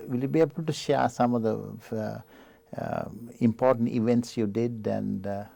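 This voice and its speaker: A man with a Sri Lankan English accent hosting a television interview, asking gentle questions and often murmuring agreement. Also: mid-range voice, big pitch swings, normal speed, creaky, dry recording. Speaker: TV show host. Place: television studio.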